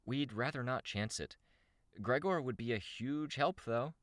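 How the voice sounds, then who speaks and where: A man's voice: medium pitch, a little slow, a bit bright, no echo, clean studio sound, voice pushed up, natural voice. A man voicing a blunt young heroine. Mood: earnest. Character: young woman heroine narrator, guarded and impatient. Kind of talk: audiobook character voice.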